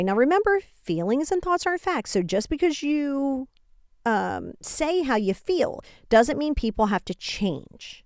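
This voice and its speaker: A woman's voice: sits high, unhurried, dry recording, studio quality. A woman hosting a podcast, talking casually about handling anger and acting out little exchanges as she goes. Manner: animated, acts out quoted exchanges, frequent asides. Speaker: podcast host. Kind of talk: casual self-help talk.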